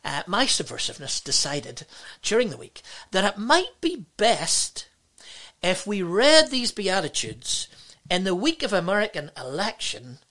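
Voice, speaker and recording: A woman's voice: medium pitch, sing-song, a little slow, a bit bright. A woman pastor preaching a sermon, emphatic and exclamatory, with many rhetorical questions.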